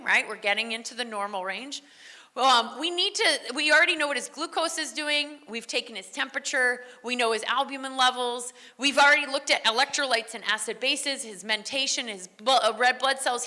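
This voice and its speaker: A woman's voice: high voice, bright, forceful tone, big-room sound. A woman who works as a veterinary technician gives a conference lecture in a conversational way, often tossing in "right?" and answering her own questions. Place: large lecture hall.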